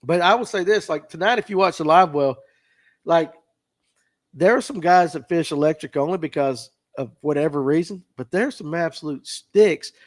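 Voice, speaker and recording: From a tackle shop, a man hosts a fishing podcast livestream, chatting casually and reading out viewer comments in a folksy way. His voice is a little high and his speed normal.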